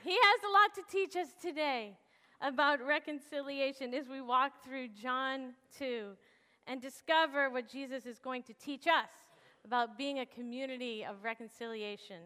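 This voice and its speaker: A woman pastor preaching a sermon and telling a personal story in an animated, expressive way. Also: sits high, moderate pace, clear, resonant tone, in a large hall.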